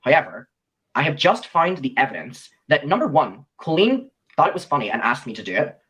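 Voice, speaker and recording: A man's voice: fairly high pitch, big pitch swings, a little fast, fairly bright tone, slightly rough, lo-fi sound. A young man, telling his side of a story and reading out messages, rambling with lots of ums and likes. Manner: rambling, many fillers like "um" and "like".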